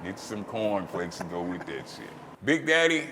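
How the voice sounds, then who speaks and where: A man hosting, telling a story casually, swearing freely and breaking into loud, animated outbursts. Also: lowish voice, moderate pace, long reverb tail, noisy background. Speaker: host.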